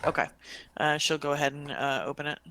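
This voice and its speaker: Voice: medium pitch, fairly even intonation, fairly quick, sharp tone, no room sound. A tabletop game player describing their character's actions in a chatty way, laughing often. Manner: chatty, laughing, many fillers. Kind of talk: casual tabletop play.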